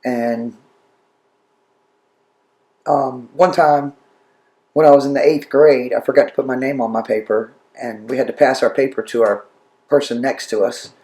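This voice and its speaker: A man with a North Carolina accent telling stories in a relaxed, plain-spoken way. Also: mid-range voice, moderate pace, long pauses, roomy sound. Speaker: interviewee. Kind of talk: storytelling.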